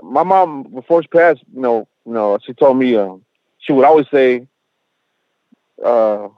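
A man's voice: mid-range voice, expressive, moderate pace, no echo, dull audio. A man speaking as a rapper guest in a casual interview, slangy and profane, leaning on "bro" and "you know what I'm saying," and mixing in Spanish phrases.

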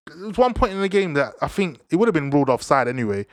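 A young man, giving casual football banter in an animated, slang-heavy way. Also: fairly high pitch, fast talker, dry recording, studio quality. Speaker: football vlogger.

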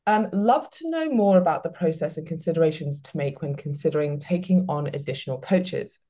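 Woman, podcast host, low voice, casual chatter, filler-heavy. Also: lively intonation, brisk, dark tone. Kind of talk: casual chat, reading listener questions.

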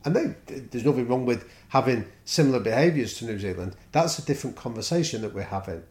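Man, lively storyteller guest, mid-pitch, roomy recording. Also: fairly quick. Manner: animated storyteller, acts out quoted exchanges. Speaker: guest speaker on culture and leadership. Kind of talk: podcast conversation. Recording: roomy echo.

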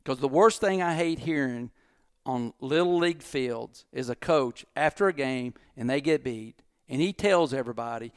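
A man's voice: normal speed, clean tone, dry recording, studio quality. A middle-aged man, a business owner, telling stories in a casual podcast chat and acting out the voices in them. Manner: animated storyteller, acts out quotes, jumps in pitch.

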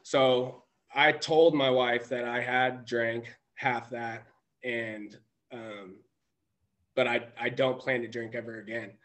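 A man's voice: mid-range voice, fairly even intonation, takes it slowly, fairly bright tone. A man telling a personal story as a podcast guest, rambling with many restarts and self-corrections. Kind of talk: casual storytelling.

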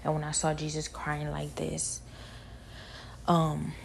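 A woman giving a spoken personal testimony, halting and repetitive, with many fillers. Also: low voice, monotone, gravelly, slight background noise.

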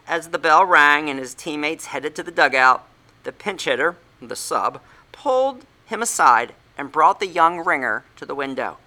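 Animated, bright-voiced male storyteller. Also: a little high, normal speed. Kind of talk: comic story reading.

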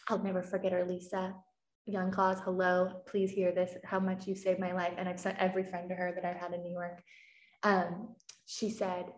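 A woman's voice: on the low side, monotone, normal speed, reverberant, slight background noise. A woman raised in the Midwest, working as a coach, talking candidly and telling stories in casual conversation. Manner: candid, storytelling with acted quotes.

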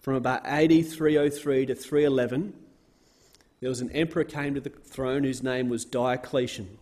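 A man's voice: medium pitch, fairly even intonation, normal speed, darkish tone. A man giving an earnest Bible talk as a sermon, repeating words for emphasis and raising his voice when reading scripture. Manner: reads scripture aloud with rising force.

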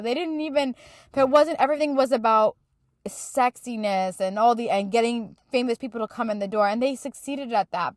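A woman's voice: on the high side, dry recording, clean studio sound. A woman hosting a podcast, speaking unscripted about faith in an earnest, emotional way and growing tearful at times. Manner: emotional, earnest, preaching to listeners. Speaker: podcast host. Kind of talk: spontaneous faith talk.

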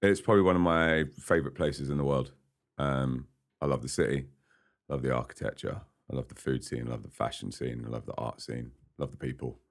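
This podcast guest, a singer-songwriter, has a gravelly voice that rumbles low, and he speaks fairly quickly. His casual studio interview chat is rambling and punctuated by frequent laughter.

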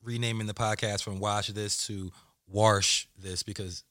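A man's voice: fairly low pitch, flat delivery, moderate pace, fairly bright tone. A man co-hosting a podcast, chatting casually in loose slang with lots of laughter. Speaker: podcast co-host. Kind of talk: casual chat.

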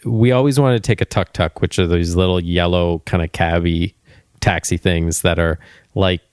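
A young man from Canada hosting a podcast, telling a travel story in a rambling, animated way. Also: low voice, moderate pace, smooth, dry recording. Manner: rambling, animated anecdote-telling with frequent restarts. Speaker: podcast host.

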